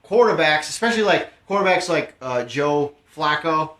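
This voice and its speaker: A man's voice: on the high side, expressive, normal speed, a bit bright. Laid-back man chatting in an echoey room. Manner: laid-back, laughing banter. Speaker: podcast co-host. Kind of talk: casual chat. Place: room at home. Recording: roomy echo.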